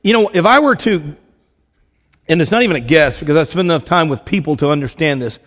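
A man's voice: on the high side, lively intonation, fast, fairly bright tone, long reverb tail. A man preaching a casual, conversational sermon, asking the congregation questions and acting out little quoted voices. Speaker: pastor.

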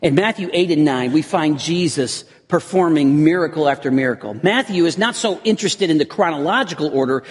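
High-voiced husky preacher in a hall. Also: male voice, expressive, a little fast, hardly any pauses. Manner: earnest preaching, rising to intense emphasis, with repeated restarts. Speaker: pastor. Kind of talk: sermon. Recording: long reverb of a hall.

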